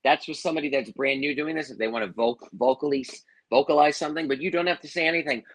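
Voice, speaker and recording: Husky man telling a story in an interview. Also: a little high, quick pace, poor audio. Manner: animated, acts out quotes, says "man" and "you know what I mean". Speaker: interview guest, firefighter and psychic.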